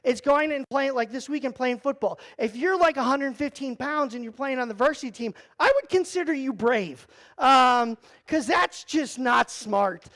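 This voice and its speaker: High-voiced joking youth pastor man. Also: normal speed. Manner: animated, joking storyteller, full of "like" and "um". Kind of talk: youth group talk with a personal story.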